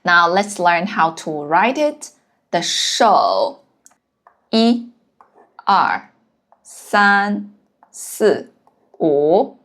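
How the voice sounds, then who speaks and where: A woman's voice: on the low side, very animated, very slow, pauses often, a bit bright. A woman who speaks natively, giving a language lesson and counting out the strokes of each character one by one. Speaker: Chinese language teacher. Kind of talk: slow step-by-step lesson narration.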